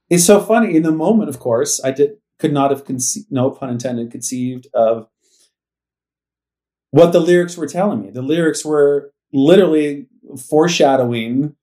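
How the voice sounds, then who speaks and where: A man's voice: fairly high pitch, unhurried, warm tone. A man in his forties, a podcast co-host, talking in a reflective, wistful way that wanders and restarts as he thinks aloud. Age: 40s. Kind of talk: casual conversational podcast chat.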